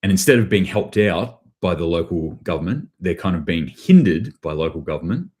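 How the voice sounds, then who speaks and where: Deep-voiced man, rambling commentary. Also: animated, fairly quick, a little mellow, slightly rough. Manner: rambling, repeats and restarts phrases, sardonic. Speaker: host. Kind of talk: live news commentary, reading chat.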